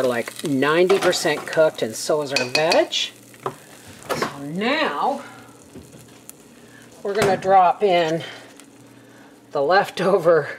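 A woman's voice: sits low, slight background noise. A middle-aged woman chatting casually to viewers as she cooks in her home kitchen. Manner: chatty and homey, talking to viewers while cooking. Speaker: homestead cooking vlogger. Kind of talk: casual cooking narration.

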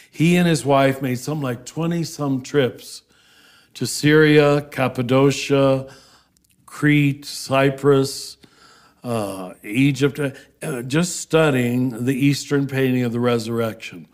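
A Franciscan priest, a man, explaining theology in an unhurried, earnest conversational interview. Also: medium pitch. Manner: earnest, animated, breaks into soft laughs.

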